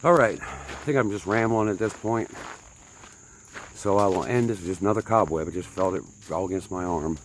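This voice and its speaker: With a low voice and a fairly quick pace, a man chats to his viewers on an uphill trail, a little hiss or hum in the recording. He's breathless, rambling and self-mocking, asking the folks watching for advice on what to do.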